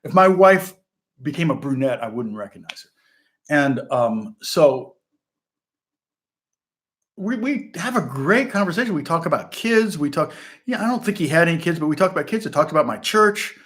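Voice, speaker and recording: A man's voice: on the high side, animated, moderate pace, a bit bright. Chatty man rambling through a story. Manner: rambling, self-interrupting, laughs often. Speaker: channel host, musician. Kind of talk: casual storytelling livestream.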